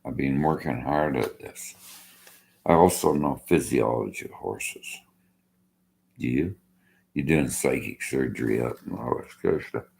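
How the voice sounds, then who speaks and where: Very deep, gravelly older man. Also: unhurried, long pauses, darkish tone. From Canada. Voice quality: slurred-sounding speech. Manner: bitter, argumentative. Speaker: vlogger. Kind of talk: rambling rant to camera.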